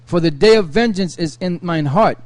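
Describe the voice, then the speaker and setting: Man, high-ish voice, scripture reading, measured, dry sound. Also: no echo. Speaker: scripture reader.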